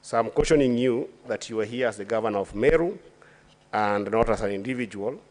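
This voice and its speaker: In a senate chamber, a man with a Kenyan accent and a lowish, slightly mellow voice questions a witness during a formal hearing. His delivery is deliberate and full of fillers and restarts.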